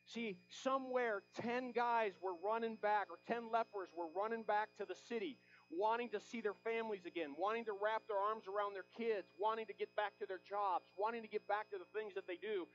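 A man's voice: sits high, moderate pace, muffled recording, soft background music. A man preaching a sermon as pastor, impassioned, acting out Bible scenes in quoted voices.

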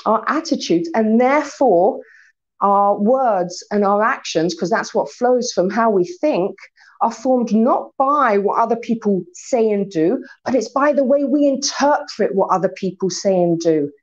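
A woman teaching a lesson on Torah values to an unseen audience, lively, spelling out letters and acting out little quoted exchanges. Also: mid-range voice, measured pace, lo-fi sound. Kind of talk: recorded talk to an unseen audience.

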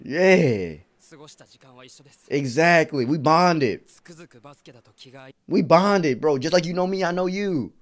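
A man's voice: on the high side, animated, takes it slowly, pauses often. A man hosting an anime reaction video, talking in casual, slangy commentary, exclaiming and laughing often.

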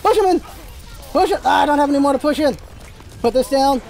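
A gaming channel host giving live gameplay commentary, excitable and firing off rapid callouts to teammates. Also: high voice, creaky.

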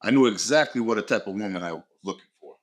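Fast and animated, a man with a fairly low voice hosts a motivational podcast. He's blunt and profane, pounding his message with short, repeated lines.

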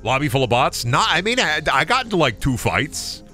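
An excitable young man commentating his own game stream, swearing freely and breaking into yelps and cheers. His voice is bright and lively, jumping all over its range. Faint music sits under the talk. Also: fairly high pitch, a little fast.

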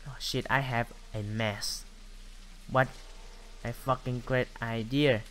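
Slow-talking jumpy gamer man. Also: medium pitch, fairly even intonation, fairly bright tone. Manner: jumpy, swears a lot, reads dialogue aloud in voices. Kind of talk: let's play commentary.

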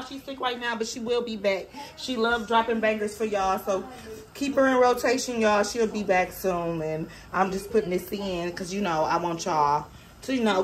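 On a handheld phone in her home kitchen, a woman films a casual cooking vlog, filling in for her mother. She talks straight to viewers and swears freely, her medium-pitched voice fairly bright.

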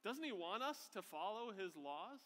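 A man's voice: high voice, very animated, normal speed, sharp tone, long reverb tail. A man preaching a sermon as pastor, conversational, often checking in with a rhetorical "right?".

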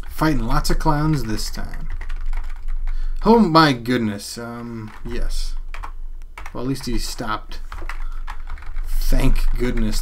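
A man's voice: medium pitch, a bit bright, a little hiss or hum. A man giving casual, rambling commentary while playing and reviewing a game, muttering to himself with mild exclamations. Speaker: gameplay reviewer. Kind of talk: casual let's-play commentary.

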